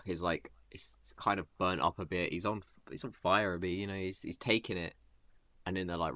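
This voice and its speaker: A man's voice: sits low, steady tone, moderate pace, bright, forceful tone, no echo. A man casually improvising a rambling story, slipping into character voices. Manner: rambling, laid-back, voices characters in quotes.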